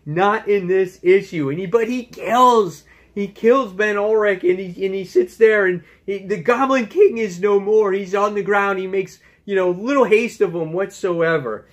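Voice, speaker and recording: A man with a voice that sits high hosts his own comic book review channel in a casual vlog style. He speaks a little slowly with few pauses, enthusiastic and chatty, his talk full of fillers.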